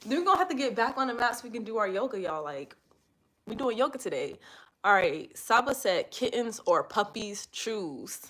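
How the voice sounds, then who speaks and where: A young woman instructor leading a live yoga class. She chats casually with viewers and guides breathing and poses in a steady, easy voice. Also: fairly high pitch, brisk, slight background noise. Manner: casual slangy chat, laughs often, reads viewer comments aloud; soft, steady breathing cues while guiding poses.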